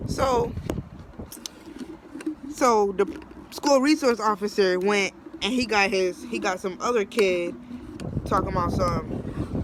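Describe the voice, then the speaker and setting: A man's voice: high-pitched, normal speed, long pauses, background noise. A man telling a personal story in a casual, slangy, rambling way. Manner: slangy, rambling, animated retelling with acted quotes.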